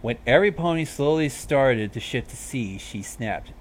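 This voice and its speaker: A man's voice: mid-range voice, lively intonation, normal speed. A man reading a fan fiction story aloud, casual with wry asides. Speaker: reader.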